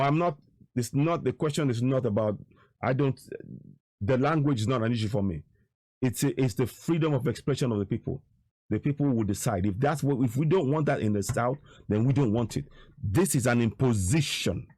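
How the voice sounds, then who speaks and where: A man's voice: mid-range voice, a little mellow, no room sound, clean studio sound. A man giving emphatic, repetitive, indignant political commentary over video footage.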